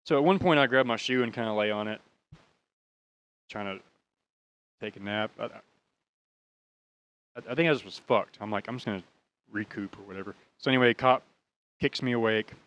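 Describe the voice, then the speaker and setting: A man's voice: medium pitch, moderate pace, pauses often, fairly bright tone, clear, resonant tone. A young American man hosting a podcast, telling a personal story in a casual, rambling, profane way. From United States. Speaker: podcast host.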